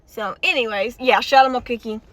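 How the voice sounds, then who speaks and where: Woman, very high voice, bright and sharp tone, excitable rambling reaction talk, inside a car. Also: brisk, no echo. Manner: excitable, chatty, talks straight to viewers with frequent restarts. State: tired and warm. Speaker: video creator reacting to a game story. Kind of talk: rambling reaction commentary to viewers.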